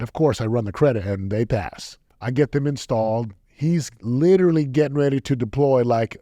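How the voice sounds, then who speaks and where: A man in his thirties hosts a podcast and tells his personal stories in a lively way, acting out each line of dialogue. His voice sits at a middle pitch and is recorded very dry, with no room sound at all. It comes across as a motivational talk. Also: fairly quick, hardly any pauses, dry recording. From United States. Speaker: podcast host. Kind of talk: motivational storytelling monologue.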